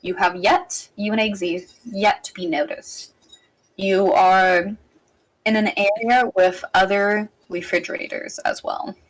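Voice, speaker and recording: A woman runs a tabletop game as game master, describing scenes in a loose, rambling way. Her pitch sits in a mid range, and she often restarts her sentences as she goes. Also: fairly even intonation, measured pace, poor audio. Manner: casual, rambling, with frequent restarts.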